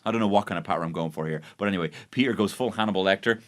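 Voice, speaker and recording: A man's voice: low voice, very fast, hardly any pauses. A man with an Irish accent hosting a podcast, recapping a baking show in a sarcastic, sweary, mock-outraged monologue. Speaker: podcast host. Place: podcast studio.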